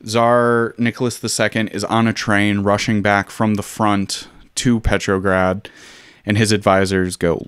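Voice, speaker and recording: A man's voice: fairly low pitch, little pitch movement, measured pace, a bit bright, clear, resonant tone, dry recording, studio quality. A man hosting a casual history talk, loose and chatty with plenty of ums and wry asides. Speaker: podcast host.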